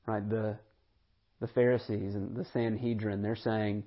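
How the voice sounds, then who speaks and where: A man's voice: lowish voice, flat delivery, unhurried, muffled recording. A man preaching a sermon earnestly, repeating words and asking rhetorical questions. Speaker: pastor.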